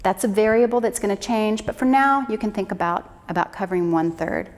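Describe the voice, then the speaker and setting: A woman's voice: mid-range voice, brisk. A woman flute instructor giving an encouraging, demonstrative lesson for beginners. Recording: echo with long reverb.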